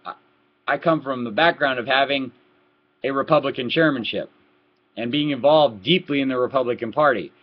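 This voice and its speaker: A man giving a heated political rant to his webcam, repeating words and swinging from low muttering to loud outbursts. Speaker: political vlogger. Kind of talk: ranting webcam commentary. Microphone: laptop webcam mic. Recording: lo-fi laptop webcam audio.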